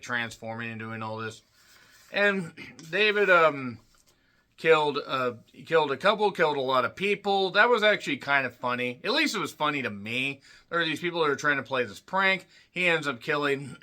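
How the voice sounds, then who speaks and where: A man giving a rambling, irreverent movie review with crude jokey asides, often clearing his throat. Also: mid-range voice, bright, forceful tone. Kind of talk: casual movie review monologue.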